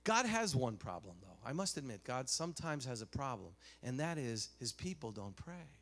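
A man preaching a sermon, telling stories animatedly, dropping to a hush and rising loud again, with many restarts. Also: mid-range voice, very animated, moderate pace, faint music behind.

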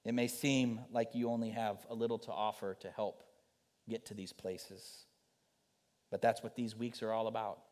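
A man preaching a sermon as a missionary speaker, rising to urgent pleas and dropping to soft, quiet lines. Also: fairly low pitch, little pitch movement, normal speed. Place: church.

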